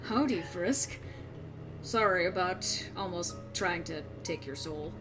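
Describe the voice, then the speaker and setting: A woman voicing a kindly goat king, speaking low, slow and soft. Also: music in the background, poor audio. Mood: gentle. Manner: slow, soft-spoken and earnest. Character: gentle hulking goat king, male, kindly. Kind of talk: voicing game dialogue on a livestream.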